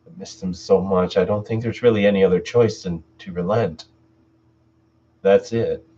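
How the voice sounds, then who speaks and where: A low-voiced man with a dark, steady tone hosts a live stream at a moderate pace, narrating horror stories and chatting casually with viewers in between. The distant mic gives a dull, lo-fi sound with slight background noise.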